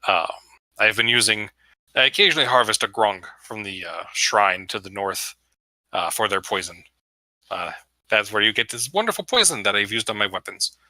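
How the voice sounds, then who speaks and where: A man voicing a sly, wheedling male cat-folk hunter in a tabletop game, attempting a halting, thick Russian-style accent. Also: on the low side, lively intonation, sharp tone, dry recording, low-quality recording. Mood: shifty. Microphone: computer mic over online voice chat.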